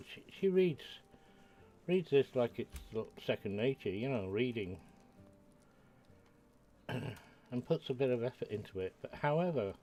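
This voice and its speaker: A man's voice: mid-range voice, warm tone, lo-fi sound. An older man from the United Kingdom, chatting and rambling to himself as he streams a game. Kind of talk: casual live-stream commentary while playing.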